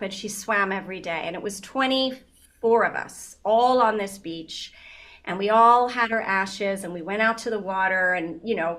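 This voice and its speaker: A woman in her fifties, a guest in a casual interview, telling stories in an animated way with frequent laughter and many fillers. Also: mid-range voice.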